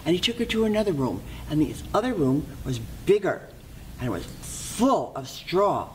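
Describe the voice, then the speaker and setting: A storyteller telling a fairy tale aloud in a lively, expressive way, leaning on repeated phrases and simple rhythm. The voice sits mid-range, with faint room ambience behind. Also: medium pitch, normal speed, a little hiss or hum, low-quality recording.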